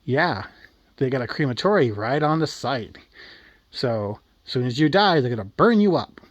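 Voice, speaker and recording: A man's voice: medium pitch, expressive, normal speed, dry recording, lightly acted. A man voicing Billy, a bratty, cruel young boy who taunts his grandmother in a raised, gleeful voice. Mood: gloating.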